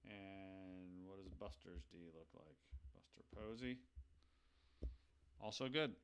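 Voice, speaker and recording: A man's voice: deep voice, takes it slowly, fairly bright tone, slight background noise. Chatty man thinking aloud over a game. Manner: thinks aloud, chatty, asks the viewers for advice. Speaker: host playing a baseball video game live. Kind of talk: casual live game commentary.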